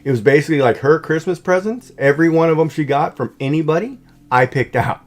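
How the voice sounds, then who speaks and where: A middle-aged man chats casually while hosting a livestream at home, rambling with frequent fillers and restarts. He talks at a quick pace in a slightly high voice.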